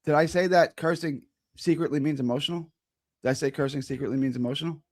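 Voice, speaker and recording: A man arguing loudly and combatively with chat comments on a live stream. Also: a little high, quick pace. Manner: combative, argumentative, loud. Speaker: regular show guest. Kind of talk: heated live-stream talk.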